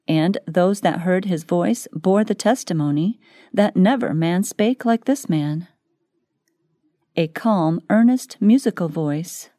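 A woman reading a devotional book aloud in scripted narration, slow and measured. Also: on the low side, dark tone, dry recording, studio quality. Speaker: audiobook reader.

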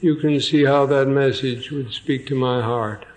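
A man's voice: medium pitch, fairly even intonation, darkish tone, soft background music, poor audio. A man preaching an evening sermon, reading a passage aloud, then repeating key phrases and putting questions to his listeners. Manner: slow and deliberate, repeats phrases for emphasis. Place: evening church meeting.

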